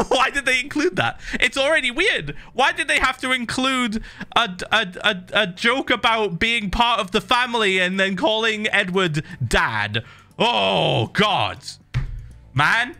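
A middle-aged man streaming to a live chat, ranting in an animated, exasperated way, swearing freely and laughing in disbelief. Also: sits high, takes it slowly, faint music behind. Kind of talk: casual rant to a live chat while gaming.

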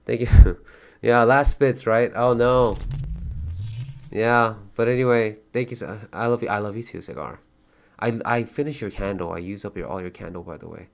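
A man chatting casually as a livestreamer, thanking viewers and donors, swearing freely and getting excited in bursts. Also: mid-range voice, moderate pace, vocal fry.

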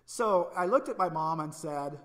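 Middle-aged man, pastor preaching, storytelling with gentle humor, slightly high voice, long church reverb. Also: expressive, moderate pace. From Indiana. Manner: storytelling, self-deprecating humor, then soft and earnest. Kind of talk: sermon. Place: church sanctuary.

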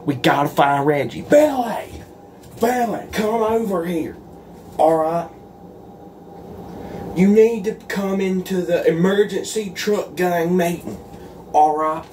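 A man's voice: on the high side, darkish tone, a little hiss or hum. A man doing a solo roleplay in a folksy, earnest and pleading way, as if talking to a gang of friends. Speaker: roleplay creator.

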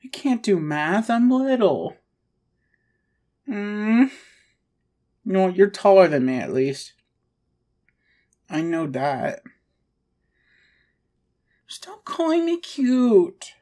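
A woman's voice: on the low side, expressive, slow pace, long pauses, dark tone. Pouty, whiny woman in audio role-play.

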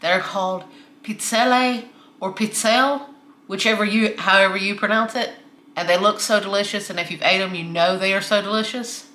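A woman's voice: mid-range voice, steady tone, fairly quick, sharp tone, reverberant. A woman hosting a home cooking tutorial from her kitchen, talking in a friendly, chatty way while she mixes ingredients. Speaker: cooking channel host.

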